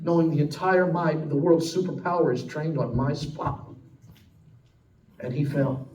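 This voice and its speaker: A man preaching from the pulpit with a dramatic, storytelling sweep, his voice high for a man. The sound is roomy and reverberant, picked up from a distance in a church. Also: brisk, slight background noise. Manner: dramatic, swinging from loud, high and emphatic to low and hushed. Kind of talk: sermon storytelling. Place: church sanctuary.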